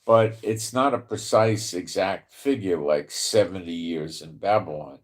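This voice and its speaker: A man with a New York accent speaks slowly in a very low voice. He drifts from point to point in casual commentary, chuckling now and then, and stretches out scripture when he reads it aloud. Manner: rambling, chuckles often, reads verses slowly and deliberately. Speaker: Bible prophecy channel host. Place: home in Israel.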